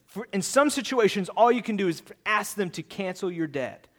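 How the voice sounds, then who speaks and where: A man preaching a sermon, telling a childhood story with lively, acted-out quotes and earnest appeals to the congregation. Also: high voice, moderate pace. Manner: animated storytelling, acting out quotes, shouting at peaks.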